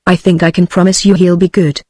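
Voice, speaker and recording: A text-to-speech woman with a British English accent voicing a stern, calm jungle lord in a novel reading. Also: lowish voice, brisk, dry recording, studio quality, lightly acted. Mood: firm. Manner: plain synthetic reading.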